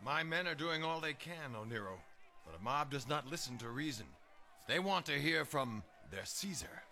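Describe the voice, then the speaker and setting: An actor playing a stern, conflicted Roman officer, firm and grave. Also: male voice, on the high side, lively intonation, normal speed, pushed and bright. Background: music.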